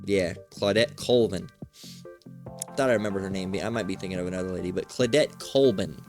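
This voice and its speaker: A man's voice: sits low, brisk, a little mellow. Profane man preaching over faint music. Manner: profane, repeats "all right?" after each point. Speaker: religious teacher. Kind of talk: street preaching lesson.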